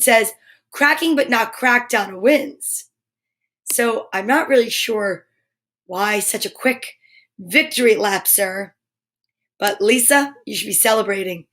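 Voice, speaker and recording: A woman's voice: fairly high pitch, animated, a little slow, fairly bright tone. A woman hosting a live story time show, chatting casually with viewers in a bubbly, playful way and reading tongue twisters aloud.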